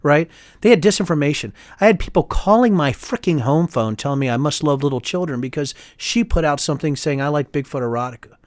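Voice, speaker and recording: A man's voice: fairly high pitch, lively intonation, brisk, no room sound, studio quality. A middle-aged man, a congressman and author, talking as an interview guest in a heated, emphatic way, tagging his points with "right?". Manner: emphatic and heated, quotes others in voices, sprinkles "right?". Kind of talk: animated interview talk.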